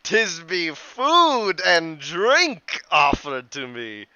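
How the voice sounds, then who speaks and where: A man voicing a booming, pompous male god who speaks in grand, old-fashioned phrases. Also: huge pitch swings, drawn-out words, pushed and bright, clean tone, no echo, heavily acted. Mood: booming jovial. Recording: dull lo-fi, dry.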